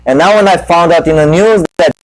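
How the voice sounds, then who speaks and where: A man's voice: a little high, a little fast, no echo, poor audio. A man hosting a live talk show, telling a long rambling anecdote full of profanity and restarts. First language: Romanian. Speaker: talk show host and comedian.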